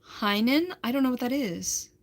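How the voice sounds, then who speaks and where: A woman's voice: medium pitch, measured pace, pushed and bright. Chatty young woman livestreaming. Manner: chatty, rambling, laughs often, many "like"s. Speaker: livestream host. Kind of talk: casual livestream chat reading comments.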